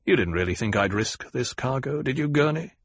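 An actor reading a stern, commanding nobleman, a duke, in a clipped, flat way. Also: medium pitch, a little fast, slightly rough, no echo. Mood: calm.

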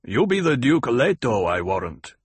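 A man playing a tall, rough desert worker who speaks in an old-fashioned dialect. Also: mid-range voice, very animated, moderate pace, no echo. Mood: grateful. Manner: archaic dialect phrasing.

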